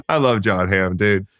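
A man's voice: fairly low pitch, fairly bright tone, no room sound, muffled recording. A man guesting on a podcast, chatting in a laid-back way, swearing and saying "dude" a lot. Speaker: podcast guest, former football player. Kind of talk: casual chat.

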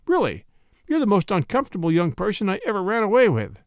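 Young eloping groom played by a male reader, cheerful, coaxing, teasing, fairly high. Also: huge pitch swings, quick pace, dry recording, clean studio sound, full character voice.

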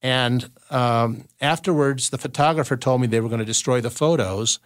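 A man's voice: mid-range voice, moderate pace, no room sound, clean studio sound. A man from Southern California, a showbiz historian guesting on a podcast, telling long anecdotes in a casual chat with many restarts. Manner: rambling storyteller with frequent restarts.

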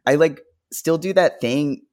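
A trans podcast co-host talking casually, hesitant and stammery with lots of fillers. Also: male voice, a little high, measured pace, darkish tone. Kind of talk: casual chat and monologue.

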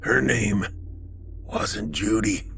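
A man voicing a frail, dying male inmate with a croaky voice, speaking slowly in a hushed near-whisper. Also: low-pitched, expressive, background noise, exaggerated voice. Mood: strained, confessing.

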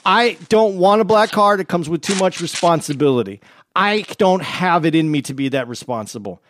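High-voiced earnest man co-hosting a podcast. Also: lively intonation, fairly bright tone, slight background noise. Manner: earnest, halting with many restarts. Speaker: podcast co-host. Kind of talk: casual chat.

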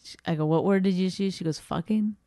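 A woman comedian with a notably low voice talks in casual chat. She is blunt, teasing and quick to argue, with swearing throughout. The sound is dry and close. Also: fairly even intonation, dark tone, dry recording.

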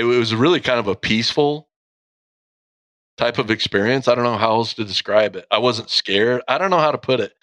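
A man's voice: fairly low pitch, bright, forceful tone, no echo. Candid, profane male storyteller, dry sound. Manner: candid, profane, vivid retelling. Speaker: guest, police officer. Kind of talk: personal storytelling.

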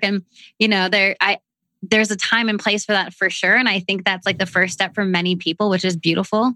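A woman with a Canadian accent who talks casually and then slows into a calm, soothing voice to guide a breathing exercise. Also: mid-range voice, no echo. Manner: calm, slow, soothing when guiding.

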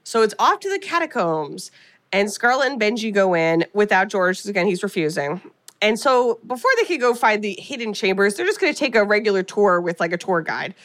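A woman's voice: medium pitch, animated, fairly quick, a bit bright. A young woman co-hosting a podcast, recapping a horror film in a chatty, loose way and swearing freely. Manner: chatty, swears freely, breaks into quoted voices. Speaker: podcast co-host.

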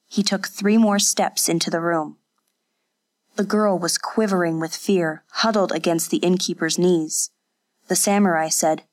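A woman narrating an audiobook in an even, unhurried storytelling manner. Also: on the low side. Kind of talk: scripted narration.

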